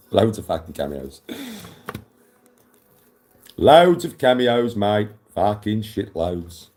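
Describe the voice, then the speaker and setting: A man's voice: lowish voice, sing-song, extremely slow, long pauses, darkish tone. A young man chatting casually on a live stream, chirpy, rambling and laughing at his own jokes.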